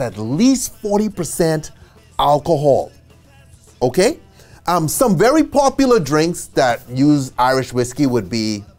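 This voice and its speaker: A man giving an instructional bartending lesson, chatty and animated, who often checks in with a quick "okay?" and adds joking asides. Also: on the high side. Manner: casual and chatty, with asides and small laughs.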